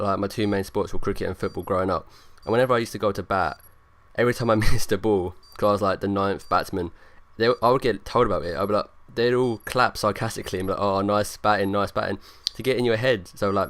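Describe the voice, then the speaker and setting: A man's voice: on the low side, quick pace, hardly any pauses, fairly bright tone. A young man rambling through casual gameplay commentary, leaning on lots of fillers. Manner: rambling, filler-heavy, talks over gameplay. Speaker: gaming YouTuber.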